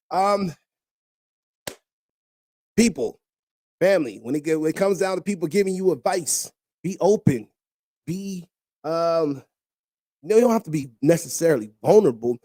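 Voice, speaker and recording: A man's voice: on the high side, warm tone, no echo, studio quality. A man hosting a podcast, giving casual advice and joking around in loose, street-style talk. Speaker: podcast host. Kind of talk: casual chat.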